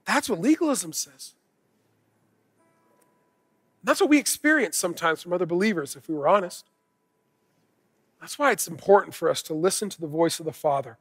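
A man's voice: high voice, expressive, fairly quick, sharp tone. A man preaching a sermon as pastor, in an earnest, conversational way.

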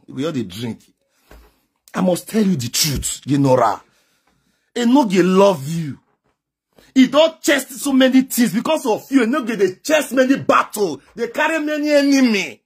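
Nigerian man, very high husky voice, lecturing commentator who keeps getting loud. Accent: Nigerian Pidgin English. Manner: emphatic, lecturing, often raises voice. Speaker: social media commentator. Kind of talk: direct-to-camera advice monologue.

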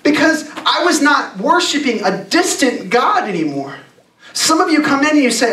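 A young adult man giving a youth sermon, talking casually and emphatically and slowing down to read scripture. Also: very high voice, very animated, pushed and bright. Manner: emphatic, conversational preaching with slowed scripture reading. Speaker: youth pastor. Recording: echoey room, distant mic.

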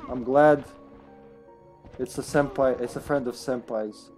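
A man streaming a survival game live, chatting excitably, joking and swearing as he plays. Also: medium pitch, measured pace, music in the background. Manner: excitable, swears, jokes around. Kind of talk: live gameplay chat.

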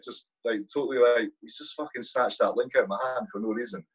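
A man's voice: mid-range voice, quick pace, slightly rough, poor audio. A man in his thirties, a soldier guest on a podcast, telling blunt, swear-laden war stories in casual talk. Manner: blunt, swears freely, vivid war anecdotes. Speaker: guest, army platoon sergeant. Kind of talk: casual storytelling.

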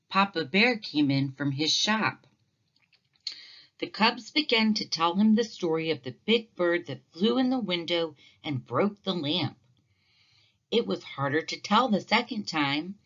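A woman teacher reading a children's storybook aloud, slow and expressive. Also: lowish voice. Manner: slow, warm and expressive narration. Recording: dull lo-fi recording.

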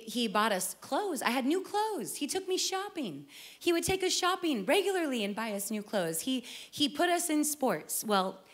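A woman's voice: a little high, fairly bright tone. A middle-aged woman giving an earnest, emotional personal testimony as a worship singer. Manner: earnest storytelling, emotional, with repeated phrases.

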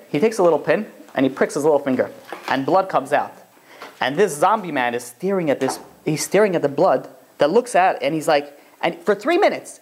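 Male rabbi teaching a class, rapid and chatty, lots of "you know"s. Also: fairly high pitch, expressive. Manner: conversational, full of fillers, checks in with the class. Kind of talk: casual classroom lecture.

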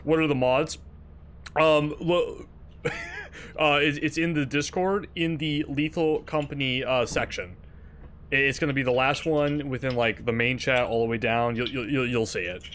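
A man streaming a game with friends, talking casually and excitably, swearing and laughing often. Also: medium pitch, moderate pace, slight background noise. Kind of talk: casual gaming stream commentary.

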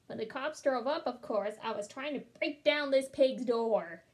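Wry, confiding storybook wolf, male, read by a woman, a bit high-pitched. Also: a little slow, lightly acted. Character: smooth-talking male wolf defending himself. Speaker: storybook reader. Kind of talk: children's read-aloud.

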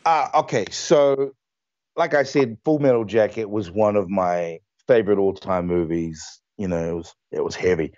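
A male actor chatting as a guest on a live stream, telling his stories in an animated, emphatic way. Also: on the low side, moderate pace, no room sound, muffled recording. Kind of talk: casual interview chat.

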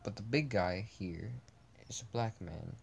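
A man's voice: lowish voice, a little slow, vocal fry, a little hiss or hum. A man reading the lines of a wisecracking amnesiac prisoner in a flippant, joking manner.

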